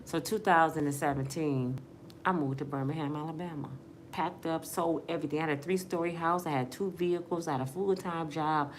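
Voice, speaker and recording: A middle-aged Michigan woman's deep voice stays steady in tone and fairly quick as she tells her life story as an earnest personal testimony. The talk is casual and emotional, with a little hiss or hum audible.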